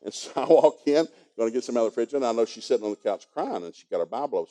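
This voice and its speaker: A man's voice: mid-range voice, very animated, very fast, hardly any pauses, warm tone. An older man preaching a sermon in a folksy, emphatic and humorous storytelling manner.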